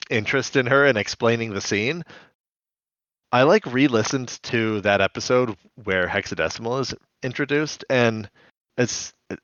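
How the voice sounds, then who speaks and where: A man's voice: mid-range voice, fairly bright tone, no echo. A man co-hosting a podcast in casual chat, rambling and giggly, with many restarts. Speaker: podcast co-host. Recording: dull lo-fi podcast audio.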